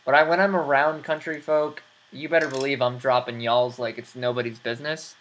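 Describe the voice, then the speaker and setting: An American man hosting an online show, his voice at a middle pitch. He talks in a chatty, rambling way and laughs often as he talks with his guest over a voice call. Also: little pitch movement, brisk, a bit bright, slight background noise. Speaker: host. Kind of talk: casual interview chat. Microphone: computer mic over a voice call.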